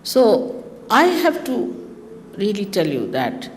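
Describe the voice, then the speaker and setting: A woman's voice: mid-range voice, slow. Woman teaching in a reverberant hall. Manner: lively, teasing, mocking asides. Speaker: spiritual teacher. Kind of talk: spiritual talk to followers. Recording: long reverb of a hall, faint ambience.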